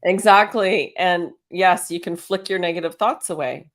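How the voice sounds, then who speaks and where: Lady hosting a chill self-help chat, kinda low voice, keeps asking the audience questions, laughs a lot. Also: normal speed. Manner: encouraging, fires off strings of rhetorical questions; chatty, laughs often. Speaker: host. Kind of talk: casual spiritual self-help talk.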